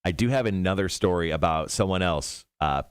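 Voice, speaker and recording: A man's voice: deep voice, a little fast, smooth. A male radio host chatting casually on a morning show, telling stories and laughing often while he tells them. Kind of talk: casual morning show chat on a live stream.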